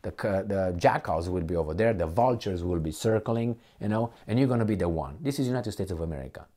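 A man giving a rambling political rant, hunting for words and turning heated when indignant. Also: lively intonation. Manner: heated, gets louder and higher when indignant; halting, hunts for words and restarts.

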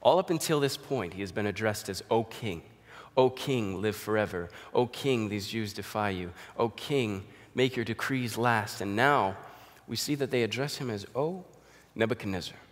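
A man's voice: on the low side, normal speed. A man preaching a sermon, explaining scripture and now and then acting out the quoted voices. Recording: long hall reverb.

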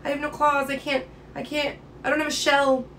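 A woman's voice: sits high, flat delivery, fairly quick, a bit bright, a little hiss or hum, voice pushed up. Woman voicing a pleading little sea hare. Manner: pleading, whiny. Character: small soft-bodied sea hare pleading not to be eaten.

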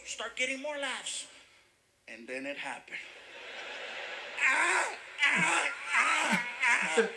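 A man doing stand-up comedy, telling an animated story and shouting some punchlines. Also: very high-pitched, slight background noise.

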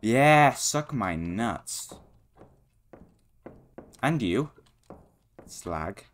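A young man giving foul-mouthed, excitable commentary while playing a horror game, yelling at what scares him. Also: fairly low pitch, very slow, faint music behind. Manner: swearing, excitable, shouting at the game. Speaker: gaming YouTuber.

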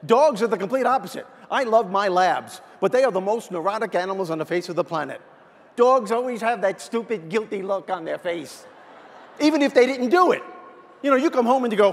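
A man giving a humorous motivational keynote, telling stories in an animated, energetic way in a large hall. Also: high-pitched, fairly quick, slight background noise. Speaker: motivational speaker. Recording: long hall reverb.

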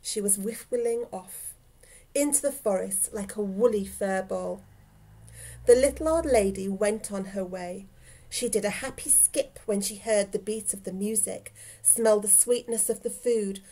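A woman, a teacher reading a story aloud to children, with gentle asides to her dog. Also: medium pitch, measured pace, slightly rough.

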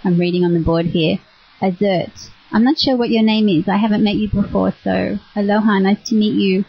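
Husky Australian woman, chatty on web radio. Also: medium pitch, steady tone, moderate pace. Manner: warm, chatty, laughs often, reads from a chat board. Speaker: spiritual teacher on internet radio. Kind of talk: casual greeting of online listeners. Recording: dull lo-fi web radio audio.

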